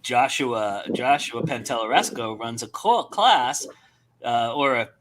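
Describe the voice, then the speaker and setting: A man's voice: medium pitch, expressive, a little slow, a crowd in the background. A man hosting a casual live chat, teasing his guests and laughing often.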